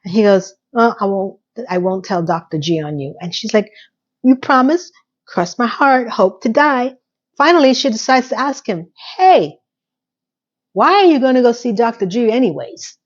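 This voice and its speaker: Chatty woman host, higher voice, sassy recap commentary, dull lo-fi recording. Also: animated, moderate pace. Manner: chatty, sassy asides, acts out quotes.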